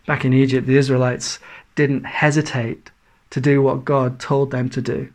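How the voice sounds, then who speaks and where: A man's voice: medium pitch, flat delivery, normal speed, darkish tone. A man preaching a sermon to his congregation, earnest and full of rhetorical questions. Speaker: pastor.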